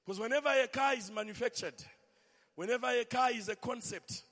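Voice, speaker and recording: A man preaching an impassioned sermon, sing-song and swelling to shouts, calling for amens. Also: very high voice, brisk, in a large hall.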